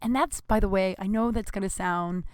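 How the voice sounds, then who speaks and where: A woman's voice: medium pitch, normal speed, darkish tone, smooth, no room sound. A woman comedian hosting a podcast, telling a story casually and candidly, rambling into asides.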